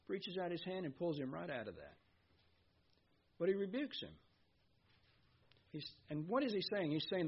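A man's voice: a little high, highs cut off, a little hiss or hum. A man preaching a sermon as pastor, reading scripture and asking his listeners questions. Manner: earnest preaching, reads scripture aloud, asks the congregation questions.

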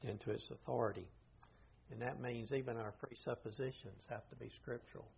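A man's voice: medium pitch, steady tone, a little fast, vocal fry, husky. An older man teaching an informal Bible study class, plain-spoken and thinking aloud as he goes. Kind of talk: informal lecture to a group. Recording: dull lo-fi recording.

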